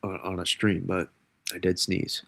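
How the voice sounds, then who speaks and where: Stuffy male weather streamer with a cold, rambling, self-correcting, gravelly, dry close mic. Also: low voice, little pitch movement, unhurried, a bit bright, no room sound. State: congested from a cold. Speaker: weather forecaster. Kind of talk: live-stream weather model breakdown.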